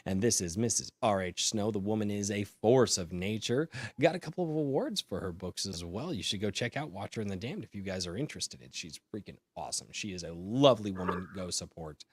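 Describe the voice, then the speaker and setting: Excitable American man hosting a live stream. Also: on the low side, brisk, few pauses, dry recording. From United States. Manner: excitable, joking, swings from loud to mumbled. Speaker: podcast host. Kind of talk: casual live-stream chat.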